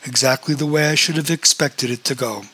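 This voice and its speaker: A man's voice: mid-range voice, a little fast, bright, forceful tone, breathy edge. A man reading the part of a tired, blunt young man in an audiobook. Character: young man, weary and irritable.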